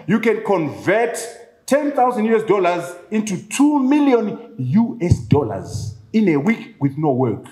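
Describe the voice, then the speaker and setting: A Zimbabwean man speaking at his book launch, his fairly high voice swinging widely as he presses his points. He piles up rhetorical questions and repeats key words for weight. The sound carries a strong echo from the room. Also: very animated, a little slow, warm tone. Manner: emphatic, rhetorical questions and repetition. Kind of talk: public speech. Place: event venue, echoing room. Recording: echoey room.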